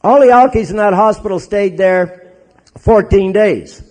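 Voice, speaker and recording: A Canadian man and Catholic priest telling his recovery story to an audience in a joking, animated way. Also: high-pitched, measured pace. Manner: joking, animated storyteller who acts out others' voices.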